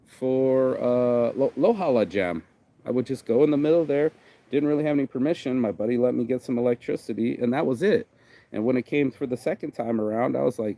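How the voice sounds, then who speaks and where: A relaxed man talks off the cuff in a loose, meandering way, tossing in "bro" and "you know" as he goes. He sounds like a vlog host chatting outdoors near a beach, with a mid-range pitch. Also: fairly quick, low-quality recording. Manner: laid-back, rambling, peppered with "bro" and "you know". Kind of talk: casual rambling chat.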